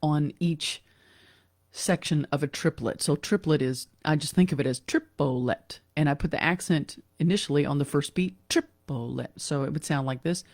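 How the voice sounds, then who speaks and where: A woman's voice: low voice, normal speed, no room sound. Chatty woman teaching piano, dry sound. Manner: relaxed, chatty, with fillers and self-corrections. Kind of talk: casual online lesson. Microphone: computer mic during a screen share.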